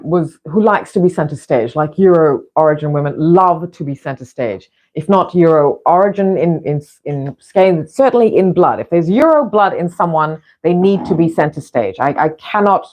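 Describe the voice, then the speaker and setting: A woman's voice: low-pitched, darkish tone. A middle-aged woman vlogger chatting casually in a rambling way, with frequent restarts. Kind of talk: casual chat.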